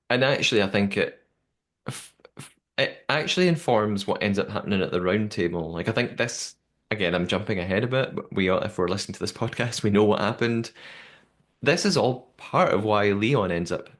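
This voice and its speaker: Animated male podcast host. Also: fairly low pitch, moderate pace. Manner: animated, laughs often, quotes people in put-on voices. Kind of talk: casual recap chat.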